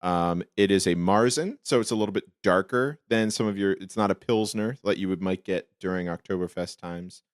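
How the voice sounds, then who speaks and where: A man's voice: low-pitched, brisk, hardly any pauses, dry recording, studio quality. A man hosting a podcast, chatting casually with jokes and rambling asides. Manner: joking, rambling, playful voice shifts. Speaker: podcast host. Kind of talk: casual chat.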